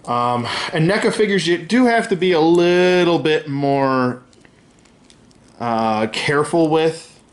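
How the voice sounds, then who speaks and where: A man's voice: on the high side, expressive, takes it slowly. A man reviewing action figures in a casual, rambling way. He is candid and gripes openly, swearing freely, with plenty of fillers and self-corrections.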